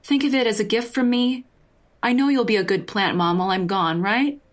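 A woman voicing a blunt young woman who speaks in calm, measured therapy-speak to her roommate. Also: fairly high pitch, pitched above the performer's own voice, lightly acted.

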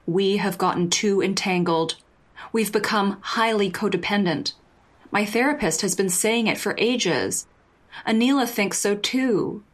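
A woman voicing a blunt young woman who speaks in calm, measured therapy-speak to her roommate. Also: mid-range voice, lightly acted. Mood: firm.

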